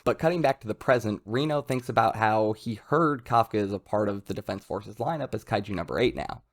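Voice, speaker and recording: A man's voice: fairly low pitch, fairly quick, few pauses. A young man talking casually and enthusiastically as he reviews a manga chapter. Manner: enthusiastic, conversational, loud jumps when excited.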